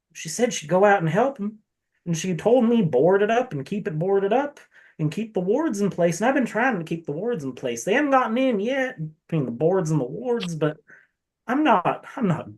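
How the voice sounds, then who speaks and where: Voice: medium pitch, animated, normal speed, darkish tone, slightly rough, voice pushed up. A game master voicing a nervous, overwhelmed male cleric who stammers and drawls in a put-on accent. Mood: panicky. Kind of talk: tabletop game role-play.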